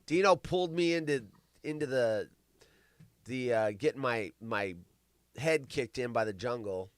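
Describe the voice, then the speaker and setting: A middle-aged man hosting a live show, rambling and swearing, with big swings between loud bursts and mumbling. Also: mid-range voice, expressive, unhurried, no echo. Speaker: podcast host. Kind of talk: casual live-stream chat.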